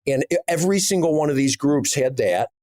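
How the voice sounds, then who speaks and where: A man's voice: on the high side, expressive, brisk, a little mellow, dry recording, studio quality. A middle-aged man co-hosting a podcast, speaking bluntly and emphatically in a casual conversation. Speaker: podcast co-host, business owner.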